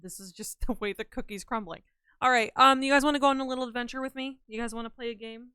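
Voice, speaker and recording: A woman's voice: fairly high pitch, steady tone, quick pace, pushed and bright, clean tone, no echo, clean studio sound. A young woman livestreaming, chatting casually and playfully with her viewers in a rambling way. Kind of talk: casual chat with live viewers.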